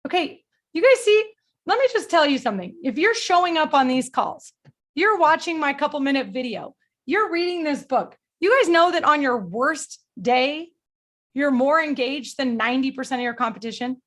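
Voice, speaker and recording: High-voiced energetic woman coach. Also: normal speed. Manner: energetic, blunt, motivational, swears casually. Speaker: sales coach. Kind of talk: group coaching video call.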